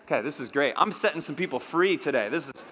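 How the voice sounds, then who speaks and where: A male pastor preaching a sermon in a playful, animated way, leading the congregation in repeat-after-me phrases. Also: on the high side, fast. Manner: animated, playful, leads call-and-response with the congregation. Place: church hall. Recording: long hall reverb.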